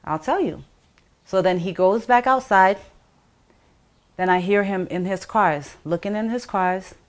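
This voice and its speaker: A woman's voice: medium pitch, unhurried. Middle-aged woman recounting events, full of fillers. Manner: rambling, filler-heavy retelling with acted-out quotes. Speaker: interview guest. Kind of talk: personal account in an interview.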